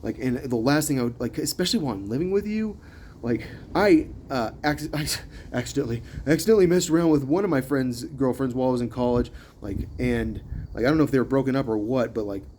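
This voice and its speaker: A young man rambles through a personal story in a mellow, dark-toned voice, stumbling over restarts and fillers. He gets louder and climbs in pitch when he gets worked up. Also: quick pace, slight background noise. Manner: hesitant, full of likes and ums, restarts; grows louder and higher when agitated.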